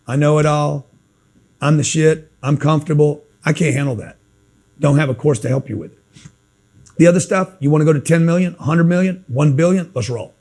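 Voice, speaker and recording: A man's voice: fairly high pitch, darkish tone. A man giving a blunt, emphatic motivational talk in a street-style coaching manner. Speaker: motivational speaker.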